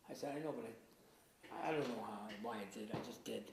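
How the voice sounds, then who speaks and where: A man being interviewed, recounting past events in a halting way, often trailing off quietly. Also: medium pitch, vocal fry. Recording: echoey room with faint noise.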